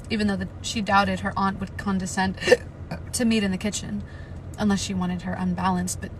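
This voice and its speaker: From inside a car, a woman on a live stream reads a novel aloud in a mid-range voice, breaking into loud, panicked reactions and swearing. Background noise can be heard.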